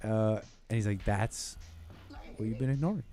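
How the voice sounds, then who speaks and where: With a warm, lowish voice at normal speed and faint music behind him, a podcast host taking calls rambles through a casual, talk-show-style story. He laughs as he goes and keeps cutting himself off mid-sentence.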